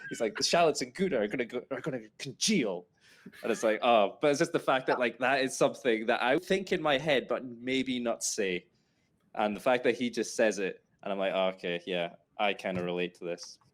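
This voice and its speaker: A man's voice: mid-range voice, brisk. A man co-hosting a casual podcast, rambling a little and quoting lines with a laugh. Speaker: podcast co-host. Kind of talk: casual chat.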